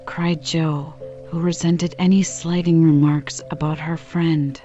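Woman narrating an audiobook, measured and gentle, slow, lowish voice, slightly dull lo-fi recording. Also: flat delivery, faint music behind. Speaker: audiobook reader.

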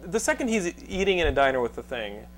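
A man's voice: a little high, sing-song, quick pace, a bit bright, soft background music. A man hosting a podcast in casual interview chat, joking and rambling with stammered restarts. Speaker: podcast host.

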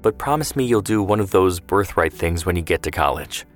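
A man reading the part of a sharp-tongued, affectionate grandfather in a story, in plain banter. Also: sits low, expressive, a little fast, soft background music. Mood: tender. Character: feisty, teasing grandfather, older man.

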